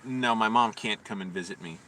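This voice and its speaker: A man's voice: on the low side, a little fast, bright, forceful tone. A man telling stories on a casual live stream in a profane, ranting, indignant way. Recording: distant mic with faint background noise.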